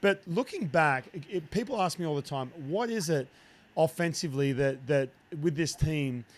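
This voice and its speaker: An Australian man in his thirties, a podcast host and broadcaster, chats in a casual interview with enthusiasm and frequent restarts. His voice is on the high side, at a moderate pace.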